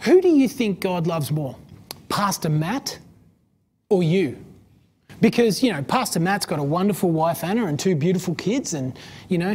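A woman's voice: lowish voice, mellow, husky. A woman preaching a sermon in a conversational way, using many fillers and asking questions of her listeners.

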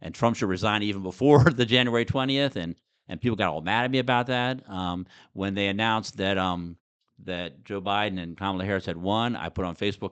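A middle-aged man from Maryland, a former state senator, talking animatedly in a casual political conversation, with many restarts. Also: lowish voice. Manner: animated, talks fast, with frequent restarts.

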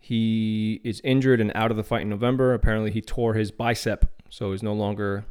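On his own MMA news podcast, a man offers casual, opinionated takes and now and then restarts a line. He speaks in a lowish, level voice that is fairly quick, smooth, and darkish.

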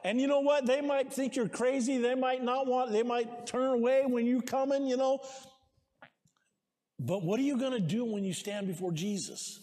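High-voiced man preaching in a big hall. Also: normal speed. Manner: exhorting, calls for amens, shouts at peaks. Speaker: pastor. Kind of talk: sermon. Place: church sanctuary. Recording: long reverb of a large hall.

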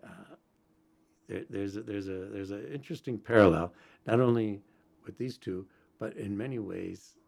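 A man with a very low, gravelly voice hosts a Catholic radio hour as a priest. His delivery is halting, full of "uh" and repeated starts. His tone is husky rather than clear. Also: a little mellow. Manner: halting, many fillers and restarts. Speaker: priest and radio guest host. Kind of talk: Catholic radio talk on saints.

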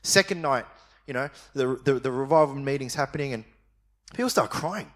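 A man preaching a sermon, telling a personal story in a lively way and acting out his younger self, then dropping to a quiet, slow voice at tender moments. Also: mid-range voice. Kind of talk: sermon testimony.

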